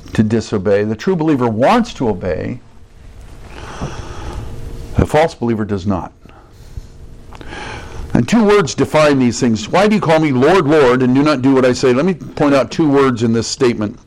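A man preaching a sermon in a conversational way, putting questions to his listeners and slowing down to stress the verses he quotes. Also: mid-range voice, darkish tone. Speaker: pastor.

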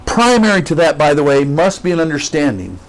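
A man's voice: fairly high pitch, big pitch swings, a little fast. A male pastor delivers a sermon in a slightly raised voice. He teaches conversationally, breaking off for asides and questions to the congregation.

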